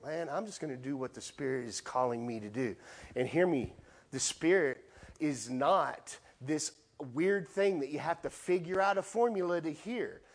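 High-voiced animated male pastor preaching. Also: moderate pace. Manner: animated preaching with playful acted asides. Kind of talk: sermon.

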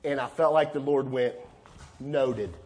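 A man preaching a sermon as a pastor, from Texas, swinging between loud, high bursts and quiet, low asides as he acts out conversations. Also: lively intonation, normal speed. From Texas, USA.

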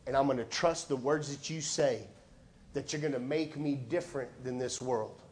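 A preacher doing a hushed, pleading condemned criminal. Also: male voice, medium pitch, normal speed, slight background noise, voice pushed down, natural voice.

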